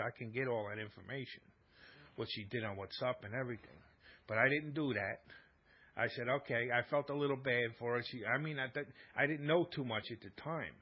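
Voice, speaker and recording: Husky man rambling through a story. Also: medium pitch, muffled recording. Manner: rambling, repetitive, acts out both sides of quarrels. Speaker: live-stream talk host. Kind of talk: casual storytelling monologue.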